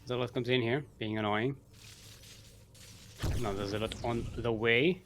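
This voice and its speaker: A man's voice: medium pitch, fairly even intonation, normal speed, a bit bright, slight background noise. Chatty male game caster. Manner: rambling, chatty, with frequent fillers. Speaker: esports caster. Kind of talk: live game commentary.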